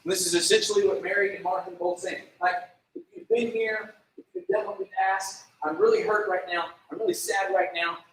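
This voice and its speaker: This youth pastor's voice is high-pitched and a bit bright, with fairly even intonation and a fairly quick delivery. Recorded from a distance in an echoey room, he chats through a casual sermon packed with "like," quizzing his audience and performing prayers in little voices.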